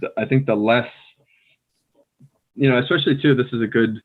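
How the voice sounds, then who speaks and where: An American man co-hosting a casual language-learning podcast, talking in a relaxed way with lots of fillers. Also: mid-range voice, fairly quick. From United States. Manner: relaxed, filler-heavy, playfully mimics others. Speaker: podcast co-host, English native speaker. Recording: tinny phone-like call audio.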